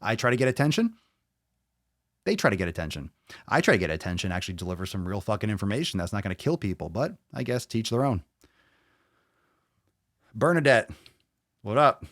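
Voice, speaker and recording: Male podcast host, crude and loud, lowish voice, dry close sound. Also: a little fast, long pauses, no room sound. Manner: swears constantly, loud and animated; reads viewer comments aloud. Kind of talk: profane live-stream rant.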